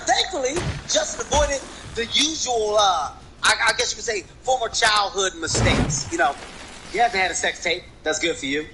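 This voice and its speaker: A man putting on a loud, crude roast comedian who shouts his punchlines. His voice sits very high and leaps all over the place. Heavy noise hisses behind him. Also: lively intonation, moderate pace. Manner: brash, shouting, profane roast delivery. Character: impression of a loud male celebrity comedian roasting. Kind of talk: stand-up roast impression.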